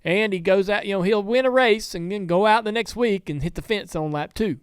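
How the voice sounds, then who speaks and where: A man's voice: sits high, a little fast, smooth, no room sound. A man hosting a casual studio talk show, telling rambling stories with many restarts. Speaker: podcast host and team owner. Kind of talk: casual chat.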